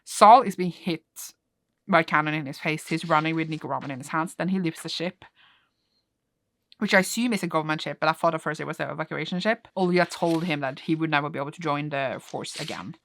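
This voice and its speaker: A woman's voice: sits low, fast, fairly bright tone. A young woman chatting casually as she recaps a comic she is reading, laughing often and filling with "like". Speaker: reading vlogger.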